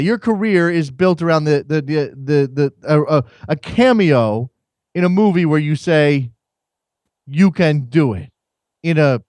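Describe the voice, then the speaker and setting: A man's voice: a little high, darkish tone, no room sound, clean studio sound. Wry, rambling male radio host. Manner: wry and rambling, often repeats words. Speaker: host of a soccer call-in show. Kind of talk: casual chat.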